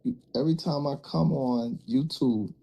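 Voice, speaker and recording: A man appearing as a guest rapper on a live stream, speaking calmly and directly. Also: mid-range voice, normal speed, vocal fry. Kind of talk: casual confrontational talk.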